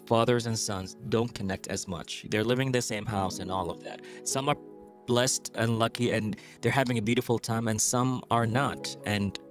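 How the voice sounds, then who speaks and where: Casual, earnest bahraini guy in his 30s, mid-pitched voice, tells stories with lots of life. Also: moderate pace, soft background music. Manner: earnest, animated storyteller who acts out quotes. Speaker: esports MC and event host. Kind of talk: casual podcast interview.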